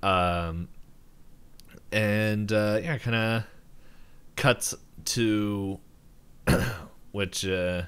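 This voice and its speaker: Lowish-voiced man rambling through a recap. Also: steady tone, very slow, pauses often, fairly bright tone, clear, resonant tone. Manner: rambling, laughs often, quotes characters in raised voices. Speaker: podcast co-host. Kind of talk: casual chat recapping an episode.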